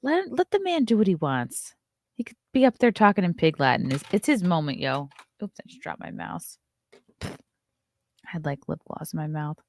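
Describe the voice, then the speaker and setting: A woman's voice: lowish voice, expressive, a little mellow, no room sound. Wry, chatty woman host, dry sound. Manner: chatty and wry, quick asides. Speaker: morning show host. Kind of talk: casual commentary reading celebrity news.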